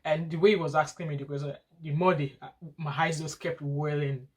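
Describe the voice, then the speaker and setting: A woman's voice: low voice, steady tone, a little fast, husky. A woman, a student nurse and mother, telling a long personal story in a casual vlog, rambling and often restarting her sentences. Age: adult parent of school-age children. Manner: rambling, frequent restarts and repetition.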